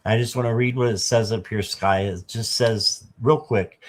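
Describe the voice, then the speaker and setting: A man's voice: on the low side, steady tone, moderate pace, few pauses. A man doing a casual live tarot reading, chatting to viewers and reading the card text aloud. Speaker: tarot reader.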